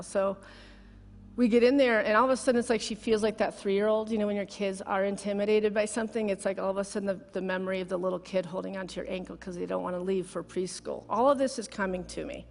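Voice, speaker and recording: A woman's voice: medium pitch, steady tone, quick pace. A middle-aged woman giving a heartfelt, conversational sermon built around a personal story, close to tears. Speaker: guest speaker. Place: large church sanctuary. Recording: long hall reverb.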